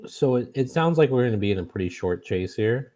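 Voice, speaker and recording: A man running a tabletop game as game master, talking with many pauses and fillers. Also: mid-range voice, expressive, dark tone.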